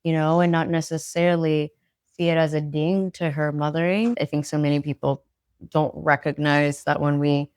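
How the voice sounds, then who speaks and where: A woman's voice: sits low, flat delivery, moderate pace, darkish tone, clear, resonant tone, no room sound, clean studio sound. A woman podcast host in conversation, thoughtful and affirming, often agreeing as she listens. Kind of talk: supportive conversational interview.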